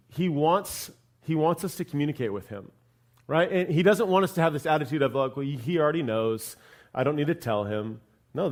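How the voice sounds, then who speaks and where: A man preaching a sermon as lead pastor in a church, talking in a loose, conversational way and often checking in with "right?". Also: a little high. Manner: conversational, repeats "right?" and starts words twice. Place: church sanctuary.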